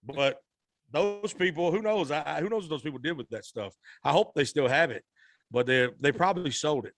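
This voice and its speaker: A man's voice: a little high, fairly quick, no room sound, studio quality. A man, a singer guest on a podcast, telling a story animatedly and acting out the people in it. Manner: animated, acts out quoted voices.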